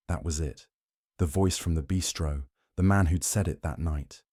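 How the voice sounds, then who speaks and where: A man telling a dramatic story in first person, calm and terse. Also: a bass voice, moderate pace, no echo, clean studio sound. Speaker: narrator.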